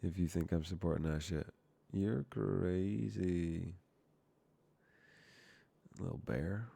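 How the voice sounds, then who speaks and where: Low, slow, and creaky, this mellow voice has a breathy edge and no echo. A young man chats on a coding stream, rambling, using profanity, and often cutting off his own words partway through.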